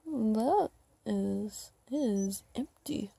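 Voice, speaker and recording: A woman talks through her life-sim game at an unhurried pace, in a low, mellow voice. Her talk is chatty and rambling, with light self-mocking asides, like a casual gameplay vlogger. A slight fry roughens the ends of her words. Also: animated.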